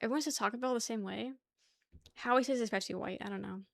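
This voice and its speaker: A woman's voice: a little high, fast talker, gravelly, dry recording, studio quality. A young woman livestreaming casual chat with her viewers, rambling, laughing easily and swearing offhandedly. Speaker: livestream host.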